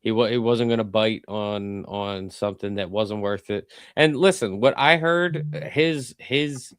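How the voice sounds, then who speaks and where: A man's voice: on the low side, measured pace, fairly bright tone, smooth, dry recording, clean studio sound. A man with a Philadelphia accent, co-hosting a sports podcast in easygoing casual chat, often repeating words. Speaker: podcast co-host.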